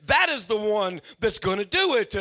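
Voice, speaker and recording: Preacher guy, high voice, gets fired up, keeps saying "man" and repeating lines. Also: sing-song, normal speed, sharp tone. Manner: preaching with rising fervor and repetition; addresses listeners as "man", calls for responses. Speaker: pastor. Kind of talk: sermon.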